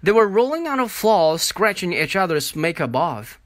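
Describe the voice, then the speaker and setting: A man narrating an audiobook in an expressive, unhurried storytelling manner. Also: high voice, no echo. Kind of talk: audiobook reading.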